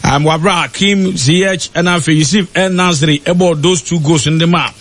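A man giving football radio analysis in a halting way, with many fillers. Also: a little high, a bit bright. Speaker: match analyst.

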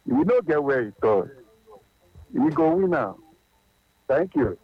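Male radio caller, Nigerian Pidgin accent, husky voice, muffled phone line with faint music behind. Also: mid-range voice, sing-song, slow. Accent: Nigerian Pidgin English. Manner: teasing, mixes in Igbo. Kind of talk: phone call-in chat.

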